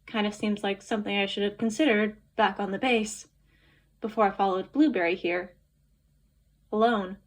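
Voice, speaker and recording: A woman's voice: mid-range voice, steady tone, moderate pace. A woman reading a novel aloud in the first person, with an anxious, introspective telling. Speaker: audiobook narrator.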